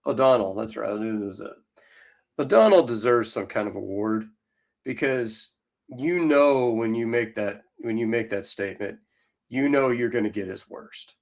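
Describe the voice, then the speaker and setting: A man's voice: mid-range voice, moderate pace, creaky. Rambling podcast co-host man. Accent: Southern US. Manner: rambling, many fillers. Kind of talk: casual chat.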